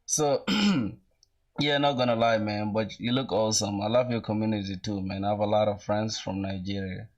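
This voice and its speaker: Young guy streaming his coding, kinda low voice, slangy chill chat with viewers, coughs now and then. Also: fairly even intonation, moderate pace, muffled recording. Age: young adult. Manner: laid-back slangy, greets chat, thinks aloud. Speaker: programming streamer. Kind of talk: casual live-coding stream chatting with viewers.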